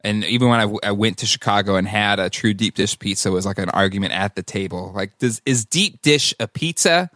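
A man co-hosting a casual chat, animated and laughing, full of filler words. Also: fairly low pitch, brisk, hardly any pauses, no echo, clean studio sound.

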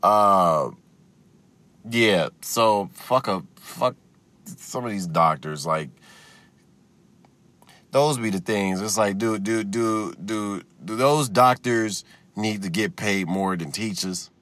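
A man's voice: on the low side, takes it slowly, long pauses, fairly bright tone. A man hosting his own podcast alone in his car, delivering a profane, ranting comedic monologue into a phone. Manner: profane, ranting, swears constantly. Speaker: podcast host. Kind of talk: solo comedic podcast rant.

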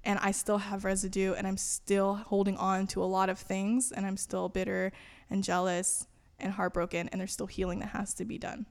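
A woman tells a personal story in a relaxed, conversational way. She is animated and acts out her own past thoughts as little quoted lines. She sits for an interview recorded inside a church. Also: medium pitch, moderate pace, vocal fry. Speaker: guest.

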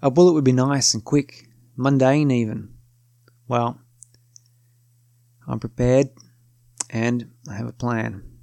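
Gravelly man telling a story. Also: mid-range voice, steady tone, takes it slowly, pauses often, dark tone, dry recording. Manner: casual, self-correcting, wry. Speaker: narrator. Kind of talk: first-person storytelling podcast.

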